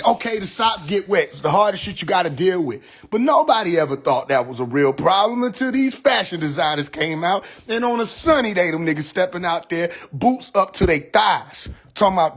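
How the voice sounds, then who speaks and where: A man holds a phone live stream and rants in a loud, mocking, profane way. His voice sits high and jumps all over, and he keeps breaking into shouts and cackles. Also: very animated, normal speed, husky. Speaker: livestream host. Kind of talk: comedic rant on a live stream.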